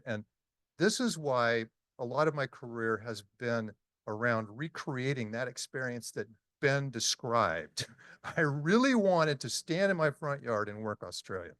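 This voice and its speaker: A man in his sixties tells stories at a conference talk, stopping often for ums and uhs. His pitch sits in the middle range, and the recording is dry and close, with no room echo. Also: a bit bright. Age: 60s. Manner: chatty, storytelling, frequent ums and uhs. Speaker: conference speaker. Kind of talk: casual presentation talk. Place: meeting hall talk.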